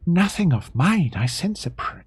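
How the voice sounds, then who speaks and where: A man doing a wary, high-voiced sorceress. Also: very animated, moderate pace, husky, no echo, full character voice. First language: German.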